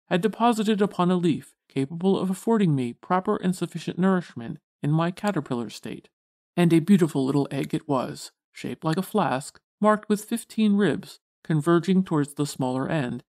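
A frail but dignified old male butterfly from a storybook, speaking in a solemn, formal manner, voiced by a woman reading aloud. His speech is measured and proper, like an elder giving counsel. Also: low-pitched, expressive, a little mellow. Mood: proud.

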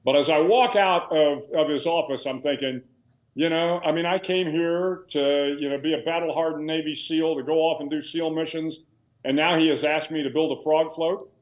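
A man's voice: fairly high pitch, steady tone, moderate pace, reverberant, rough recording. A man in his sixties, a retired admiral and author, telling stories in a conversational way with restarts and fillers on a video call. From United States. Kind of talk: candid storytelling interview. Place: home room with a billiards table.

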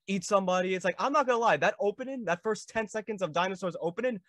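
Young guy host, high-pitched, super eager and rambly, dry sound. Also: fast, fairly bright tone, dry recording. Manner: eager fan, rambling questions with many fillers. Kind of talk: video call interview. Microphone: video call.

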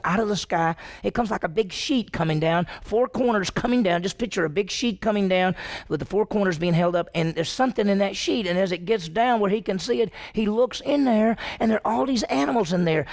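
Folksy gravelly preacher man. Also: sits high, a little mellow. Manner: folksy, conversational preaching with repeated phrases. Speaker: pastor. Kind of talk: expository sermon with acted-out retellings.

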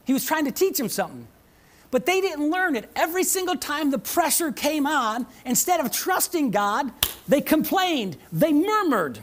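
A woman's voice: sits high, sing-song, moderate pace, slight background noise. A woman pastor preaching a sermon at a church service. She is emphatic, repeats key phrases, calls out to the congregation for a response, and slips in playful asides with a chuckle.

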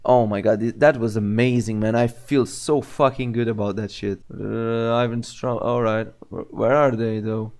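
Gamer, male, mid-pitched, swears freely and mocks the characters as he plays. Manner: profane, excitable, mocking. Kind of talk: gameplay commentary.

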